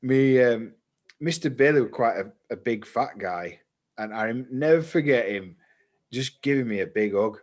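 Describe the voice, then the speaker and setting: A man, co-hosting a casual podcast chat and telling stories in an animated way, laughing easily. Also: medium pitch, moderate pace. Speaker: podcast co-host.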